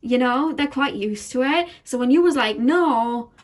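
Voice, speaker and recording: A woman's voice: high voice, lively intonation, moderate pace. A woman giving a casual pick-a-card tarot reading, chatty and full of fillers, often breaking into laughter.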